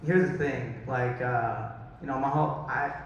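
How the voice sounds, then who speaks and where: A man's voice: mid-range voice, steady tone, muffled recording, slight background noise. Stand-up man in his thirties, big hall. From Dallas, Texas. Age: 30s. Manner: storytelling, self-mocking, quick asides to the crowd. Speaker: stand-up comedian. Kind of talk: stand-up comedy set. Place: large hall, recorded from far off. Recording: very echoey hall, distant mic.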